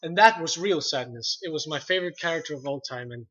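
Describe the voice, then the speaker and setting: A young man from Iceland, an English speaker, chatting playfully and excitedly as a singer in a casual livestream interview. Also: fairly high pitch, quick pace, highs cut off, crowd noise. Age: young adult.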